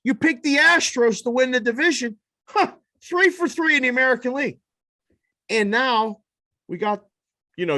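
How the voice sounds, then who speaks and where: Lively, animated man hosting a sports podcast. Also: extremely high pitch, vocal fry, no echo, studio quality. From lives in Las Vegas. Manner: animated and profane, leading the banter. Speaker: podcast host. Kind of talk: casual sports chat.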